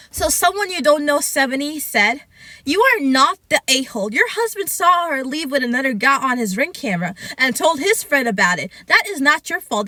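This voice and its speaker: Sassy high-voiced young woman. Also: sharp tone, no room sound. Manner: sassy and chatty, scolding asides, drawn-out words. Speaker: podcast host reacting to online stories. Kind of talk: casual reaction commentary, reading posts aloud.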